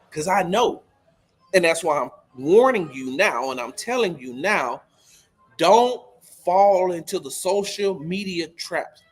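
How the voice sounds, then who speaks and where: A man's voice: high-pitched, husky. A man hosting a sports talk show, repeating his warnings with emphatic insistence. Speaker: podcast host.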